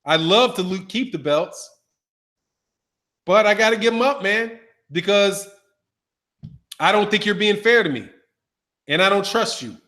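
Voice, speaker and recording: A man hosting a boxing commentary channel, talking in an animated, emphatic and slangy way. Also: high-pitched, measured pace, pauses often. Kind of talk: casual commentary.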